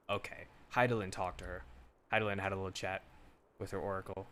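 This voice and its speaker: A man's voice: low voice, flat delivery, fast, fairly bright tone, faint music behind. A young man streaming a game, chatting casually in a rambling, profane way that often breaks off mid-thought. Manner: profane, rambling, self-interrupting. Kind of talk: casual live commentary while gaming.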